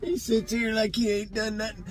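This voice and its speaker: A man's voice: high voice, flat delivery, moderate pace, faint music behind. A man who drives trucks, talking in a casual, playful, joking way for his vlog. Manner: joking, playful, laughs easily.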